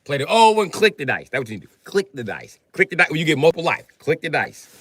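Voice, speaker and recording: A male streamer rants in a loud, profane, animated way and keeps breaking into shouts, his voice swooping all over. His tone is bright and rather high for a man, recorded dry and close on a desk mic. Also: fast talker, husky, dry recording. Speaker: live streamer. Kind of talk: comedic live stream rant.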